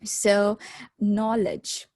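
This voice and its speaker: A woman leading a spiritual workshop, explaining calmly and gently, often checking in with a "right?". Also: mid-range voice, extremely slow, no echo. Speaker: meditation workshop teacher.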